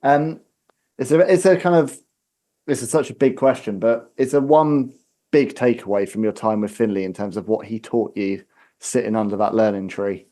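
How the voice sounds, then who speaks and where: A man hosting an interview, asking measured, searching questions. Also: on the low side, mellow. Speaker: interview host.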